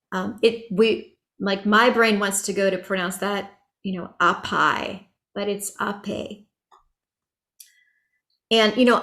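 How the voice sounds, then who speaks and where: A woman teaching an online chanting workshop, chatty and relaxed, laughing as she explains pronunciation over a video call. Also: medium pitch.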